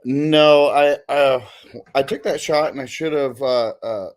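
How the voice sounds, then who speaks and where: A man's voice: mid-range voice, a little slow. A young man, a guest fighter, earnestly recounting a fight in a casual interview.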